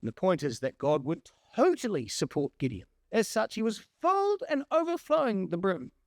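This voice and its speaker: A man preaching a sermon to a congregation, emphatic and animated, acting out the lines he quotes. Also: high voice, moderate pace, no echo, studio quality.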